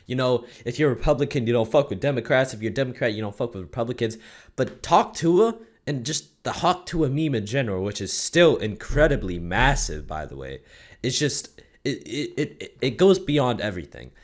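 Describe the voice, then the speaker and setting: A young man hosting his own channel, delivering a profane, mock-zealous comedic rant that swings from muttering to shouting. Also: medium pitch, lively intonation, normal speed. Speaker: YouTube commentator.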